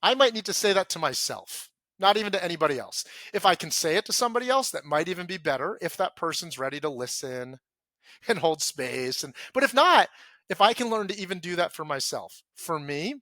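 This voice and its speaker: A man talks earnestly as a podcast guest, his voice sitting a little high and sounding bright and forceful. He slips into his own inner self-talk, going softer and lower for the quoted feelings, and the sound is dry and close with no room around it. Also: expressive, fairly quick, no room sound.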